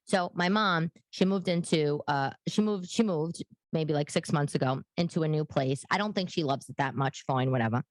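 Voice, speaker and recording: A woman, hosting a talk show in a rambling, animated monologue full of fillers and restarts. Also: sits low, normal speed, no room sound. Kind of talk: casual monologue. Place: living room.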